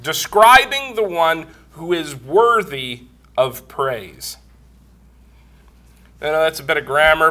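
A man's voice: on the high side, pushed and bright. A man preaching a Bible lesson, explaining grammar step by step, congested and coughing from a cold. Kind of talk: Bible teaching sermon.

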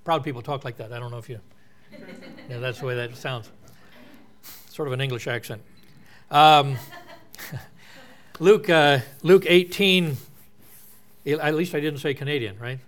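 A man's voice: mid-range voice, measured pace, long pauses. A man preaching a sermon in an earnest, explanatory way, quoting and unpacking scripture.

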